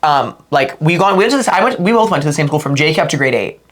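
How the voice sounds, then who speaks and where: A man's voice: fairly high pitch, expressive, quick pace, a crowd in the background. A young man from Canada co-hosting a podcast, chatting casually and rambling with lots of fillers. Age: young adult. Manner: rambling, filler-heavy storytelling. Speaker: podcast co-host. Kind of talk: casual chat.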